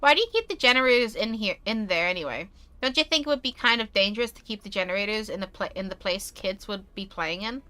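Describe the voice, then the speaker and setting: A woman's voice: medium pitch, quick pace. A young woman streaming a game, reading it aloud with chatty asides. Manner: chatty, animated asides, talks with food in mouth.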